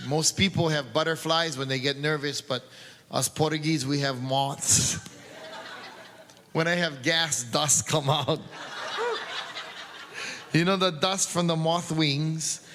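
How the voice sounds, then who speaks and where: A man's voice: a little high, fairly even intonation, slow pace, long pauses, long reverb tail, noisy background. A man doing stand-up, telling jokes in a pidgin-flavored storytelling voice. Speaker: comedian. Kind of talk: stand-up joke telling with sung refrains.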